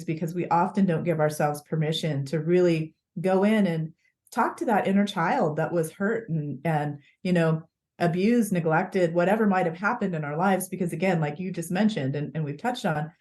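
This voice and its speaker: Woman author, low-pitched voice, podcast guest, earnest, animated storytelling. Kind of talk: conversational podcast interview.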